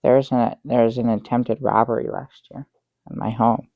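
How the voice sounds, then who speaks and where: A man doing a rambling, halting storyteller with a gravelly voice. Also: mid-range voice, little pitch movement, no room sound, phone-quality sound, close to an everyday voice. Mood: dry, halting. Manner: rambling, halting, with many restarts and fillers. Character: bumbling middle-aged man telling a tall tale. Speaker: guest on a comedy talk show. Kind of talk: improvised sketch comedy.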